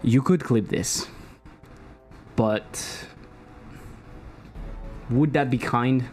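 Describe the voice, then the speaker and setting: French-accented male game-dev streamer, mid pitch, excitable, cusses, self-deprecating, faint music bed. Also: drawn-out words. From France. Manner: excitable, swears often, self-mocking. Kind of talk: casual live-stream commentary while coding.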